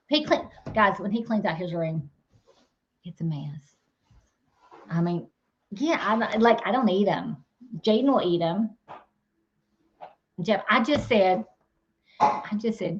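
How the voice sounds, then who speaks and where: Woman host, rambling casual chat, slightly dull lo-fi sound, middle pitch. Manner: chatty, rambling, laughs and teases. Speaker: farm channel host. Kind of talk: casual live chat with viewers.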